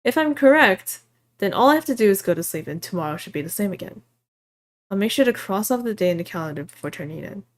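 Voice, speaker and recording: A woman voicing a bitter, suspicious old woman in a visual novel, sharp-tongued and quick to curse. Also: mid-range voice, expressive, lightly acted. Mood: puzzling. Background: game music.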